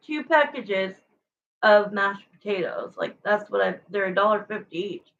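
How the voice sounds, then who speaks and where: Woman tarot reader, frank chatty livestream host, unhurried delivery with a gravelly edge, slightly muffled audio. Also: medium pitch, animated, fairly bright tone. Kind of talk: casual livestream chat.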